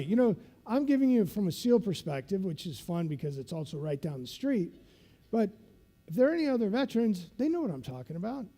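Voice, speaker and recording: A man delivers a keynote as a lively storyteller, his pitch leaping high and falling low. His voice is dark and gravelly, and he acts out the scenes as he goes. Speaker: keynote speaker.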